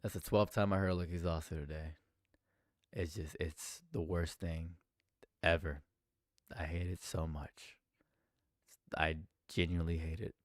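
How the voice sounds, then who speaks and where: Low, heated male streamer, dry sound. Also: steady tone, measured pace, long pauses, no room sound. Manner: heated, rambling, repeats himself. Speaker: streamer reacting to clips. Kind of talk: live react commentary.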